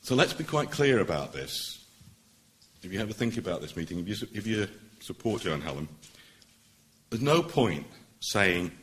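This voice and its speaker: A middle-aged man, a barrister, giving an earnest, persuasive public speech at a meeting, pausing for emphasis. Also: deep voice, very animated, fairly bright tone.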